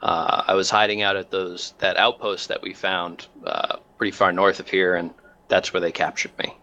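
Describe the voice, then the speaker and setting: A man playing a captured lieutenant who stammers and hedges at a gaming table. His voice sits slightly low and sounds bright. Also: flat delivery, moderate pace, muffled recording. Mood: sheepish. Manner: stammering, apologetic. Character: hesitant captive male guard lieutenant.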